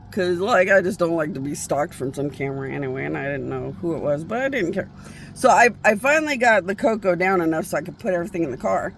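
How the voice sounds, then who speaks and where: A woman's voice: medium pitch, slight background noise. A woman vlogging a casual, rambling monologue, profane and often breaking off to restart her sentences.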